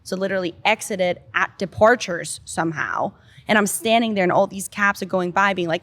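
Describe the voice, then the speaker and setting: A woman from Denmark, a native Danish speaker, telling a story as a podcast guest in a lively, chatty way with frequent fillers. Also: mid-range voice, a little fast, hardly any pauses. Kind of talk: casual storytelling. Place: podcast studio in Miami.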